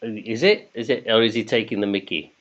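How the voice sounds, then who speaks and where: A man's voice: fairly low pitch, fairly quick, fairly bright tone. A man hosting a casual quiz, chatty and jokey, reading questions in English and then in German. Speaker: quiz host. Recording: dull lo-fi sound.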